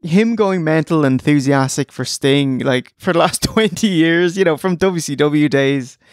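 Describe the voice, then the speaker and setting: A man's voice: a little high, measured pace, no room sound, clean studio sound. A young Irish man co-hosting a casual wrestling podcast late at night, joking and enthusiastic, tired from the early hour. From Ireland. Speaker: podcast co-host.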